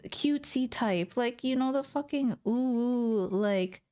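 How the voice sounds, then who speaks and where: A woman's voice: on the high side, measured pace, dark tone, faint music behind. A young woman VTuber chatting casually on stream, rambling, swearing and giggling in exasperation.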